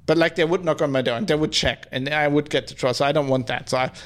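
A man's voice: fairly high pitch, steady tone, fast. A man chatting casually on a podcast, rambling and swearing, with lots of filler words. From Germany. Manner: rambling, profane, heavy use of "like". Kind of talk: casual chat.

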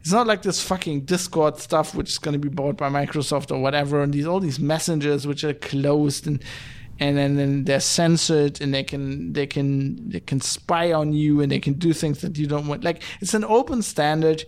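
A man's voice: on the high side, fairly even intonation, normal speed, a little mellow. A man hosting a podcast, ranting in exasperated, profane bursts full of restarts and fillers. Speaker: podcast host.

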